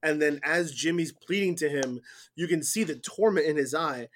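A man with a fairly high voice talks through a wrestling match with lively, blow-by-blow storytelling. He keeps the casual feel of a podcast chat with a friend. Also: normal speed.

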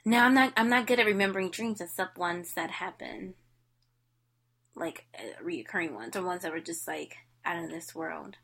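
A young woman co-hosting a podcast, chatting in a bubbly, excitable way and laughing often. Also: lowish voice, normal speed, gravelly, slightly rough. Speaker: podcast co-host. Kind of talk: casual chat.

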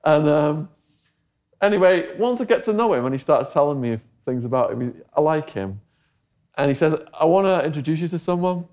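A man's voice: a little high, lively intonation, a little fast, a little mellow, muffled recording. A middle-aged English man telling a long story in a casual interview, acting out the voices of the people he quotes. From England. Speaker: interview guest.

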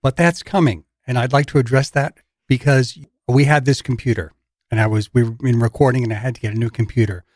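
A man's voice: medium pitch, fairly even intonation, fast, darkish tone, no echo. A middle-aged man co-hosting a casual podcast, rambling and dropping joking asides, on a close studio mic. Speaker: podcast co-host.

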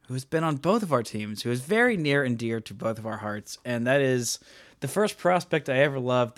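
A man's voice: mid-range voice, no echo, clean studio sound. A man co-hosting a casual sports podcast, talking in a chatty, joking way with lots of fillers. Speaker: podcast co-host.

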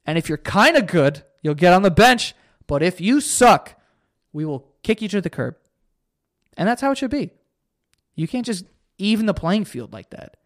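A man's voice: sits high, very animated, moderate pace, dry recording, studio quality. A young man hosting a solo podcast, ranting in a heated, profane and sarcastic way. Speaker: podcast host.

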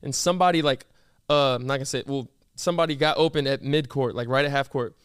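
A young man hosting a casual podcast, telling stories in an animated way and teasing his guest in loud, disbelieving bursts. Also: medium pitch, fast talker, clean tone, no room sound. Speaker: podcast host. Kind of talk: casual chat.

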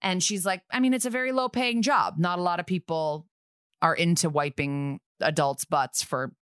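A woman co-hosting a podcast, recapping a TV episode in casual chat with sarcastic, quick asides. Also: lowish voice, a bit bright, clear, resonant tone, dry recording, clean studio sound.

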